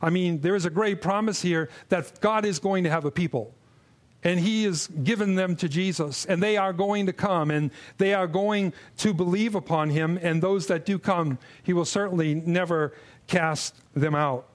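A man preaching an earnest expository sermon, often restarting and repeating words as he teaches from a passage. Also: moderate pace. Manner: drops low and quiet when mimicking grumbling.

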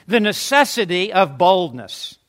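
Emphatic preacher, male, high and bright, builds points through repetition with quick joking asides. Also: very animated. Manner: emphatic, repeats words for stress, asides with jokes. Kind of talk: sermon.

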